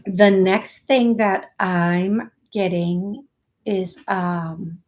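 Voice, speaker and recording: A woman hosting a live psychic reading, speaking in a halting way, repeating words and thinking aloud, soft-spoken and emotional. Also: medium pitch. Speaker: psychic medium host.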